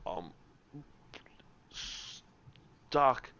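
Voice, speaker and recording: A man's voice: very slow, highs cut off, slight background noise. A man narrating as game master in a casual online tabletop game, with many fillers. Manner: animated, with fillers.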